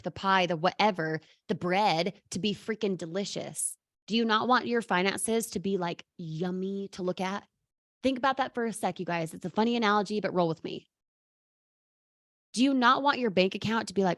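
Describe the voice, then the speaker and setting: A woman's voice: mid-range voice, a bit bright, no room sound, clean studio sound. A woman giving a bold, sassy motivational talk as a sales coach, calling out viewers by name.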